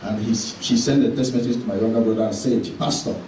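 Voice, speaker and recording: A male pastor preaching an impassioned sermon with heavy repetition and shouted declarations. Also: fairly low pitch, fairly even intonation, fast, a little hiss or hum. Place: church hall. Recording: echoey church hall, mic at a distance, congregation audible.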